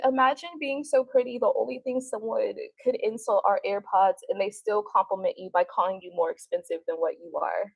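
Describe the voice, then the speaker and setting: A woman's voice: mid-range voice, fairly even intonation, fairly quick, gravelly, few pauses, slightly rough, no echo, poor audio. A woman tarot reader chatting casually on a live stream, brash, cocky and profane. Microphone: streaming mic.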